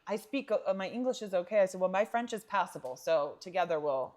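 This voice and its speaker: A woman co-hosting a podcast, telling travel stories in casual chat, animated and laughing often. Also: medium pitch, a little fast. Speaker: podcast co-host.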